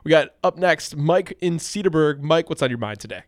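A man's voice: a little high, animated, brisk, no echo, clean studio sound. A man hosting a call-in talk radio show, talking through his opinions and taking calls in a conversational way.

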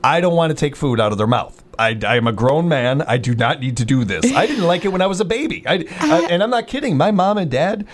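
A man's voice: a little high, expressive, fast, few pauses. A man hosting a casual banter show, rambling and joking at his own expense, often restarting his sentences. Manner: rambling, self-mocking, stammering restarts. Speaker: show host.

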